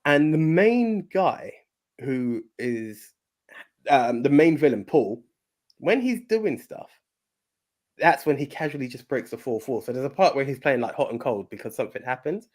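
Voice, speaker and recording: A man's voice: mid-range voice, animated, normal speed, a little mellow. A man co-hosting a podcast, retelling a film in casual chat with stammering repeats and casual swearing. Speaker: podcast co-host.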